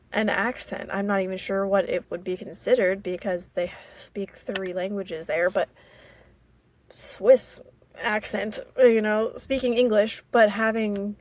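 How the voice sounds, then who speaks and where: American woman, podcast host, solo casual chat; slow, vocal-fry delivery, halting and rambling. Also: mid-range voice. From Maryland, US. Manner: rambling and halting, with many fillers.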